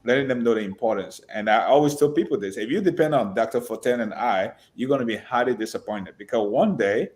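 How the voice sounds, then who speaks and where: A man's voice: medium pitch, quick pace, few pauses. A man, an education nonprofit partner, telling stories emphatically in an interview. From Liberia. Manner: storytelling, emphatic, animated. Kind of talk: interview conversation.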